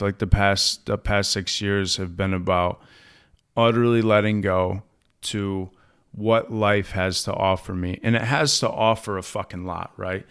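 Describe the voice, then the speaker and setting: A man's voice: fairly low pitch, fairly bright tone, smooth. A young adult man speaking candidly on a podcast, telling stories bluntly and with profanity. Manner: blunt, profane, storytelling with quoted dialogue. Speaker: podcast host. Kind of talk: candid podcast talk on recovery. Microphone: studio podcast mic.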